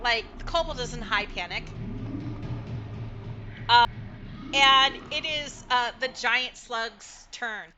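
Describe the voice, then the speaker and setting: A woman's voice: fairly high pitch, takes it slowly, pauses often, music in the background. A woman narrating as game master of a tabletop game, chatty and hesitant with many fillers. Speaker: dungeon master.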